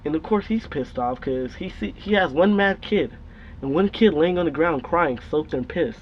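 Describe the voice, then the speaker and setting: A man's voice: on the high side, moderate pace. A young man casually telling a rambling, profane story on his vlog. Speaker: storytime vlogger. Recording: dull lo-fi recording with faint noise.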